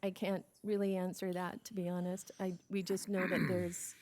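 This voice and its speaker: Earnest woman with a mellow, even voice. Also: lowish voice, normal speed, slight background noise. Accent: American. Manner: steady and earnest, becoming emotional and hesitant. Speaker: victim services presenter at a county meeting. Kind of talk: reading a prepared report, then answering questions.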